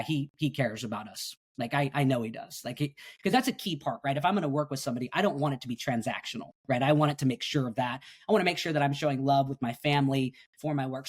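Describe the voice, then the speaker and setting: A middle-aged coach and speaker with a medium-pitched voice explains his daily habits in a podcast interview. He's earnest and energetic, acting out his own inner dialogue.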